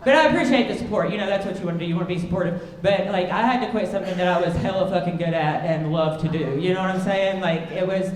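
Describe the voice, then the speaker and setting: A woman's voice: fairly low pitch, quick pace, hardly any pauses, slight background noise. A woman in her thirties doing a stand-up comedy set, brash and crude, with self-deprecating punchlines. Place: comedy club stage with live audience. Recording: roomy live club sound.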